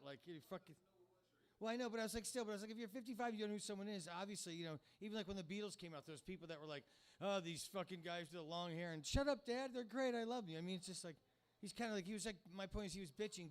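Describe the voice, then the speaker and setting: A man's voice: a little high, clear, resonant tone. A man in his fifties hosting a comedy show, talking to the crowd in a rambling, profane, conversational stand-up manner. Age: 50s. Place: comedy club stage.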